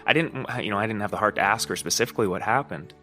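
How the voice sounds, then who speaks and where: Guy rambling on his podcast, lowish but bright voice, swears a lot, faint music behind. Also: very fast. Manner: rambling, swears, laughs, repeats "you know what I mean". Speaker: podcast host. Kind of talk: casual monologue.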